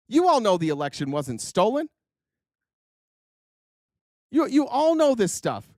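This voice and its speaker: A man's voice: very high-pitched, no room sound, clean studio sound. A man hosting a political livestream, ranting in a heated, profane and sarcastic way, and often restarting his sentences mid-thought.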